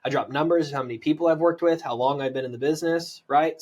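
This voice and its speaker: A man from the United States, a land investor and podcast guest, coaching on sales in an energetic, persuasive way and often checking in with "right?". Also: fairly high pitch, fast talker, few pauses. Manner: energetic, persuasive, lots of "right?" tag questions.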